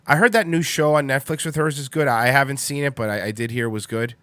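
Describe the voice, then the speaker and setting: A man in his thirties rambles through casual chat as a livestream host, repeating lines and swearing without a second thought. His middle-pitched voice sits on a close mic in a dry, dead room. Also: fast, sharp tone, dry recording. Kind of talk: casual solo stream chat.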